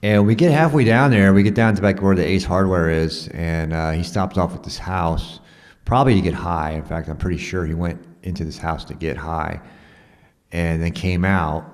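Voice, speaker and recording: A man's voice: deep voice, normal speed. A man telling a rambling personal story in a profane, conversational way, full of fillers and restarts.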